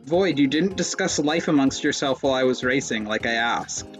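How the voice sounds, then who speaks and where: A man's voice: mid-range voice, animated, moderate pace, soft background music. A young man streaming live gameplay, rambling with self-mocking jokes and sudden yelps.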